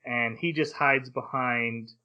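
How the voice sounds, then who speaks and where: A grown man talks through a story on a casual podcast, full of fillers and breezy paraphrase. His pitch sits in an ordinary middle range. The audio is a bit dull and lo-fi. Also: fairly even intonation, slow pace. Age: adult. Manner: recaps the plot at length with fillers and playful paraphrased quotes. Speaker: podcast host. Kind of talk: casual anime discussion podcast.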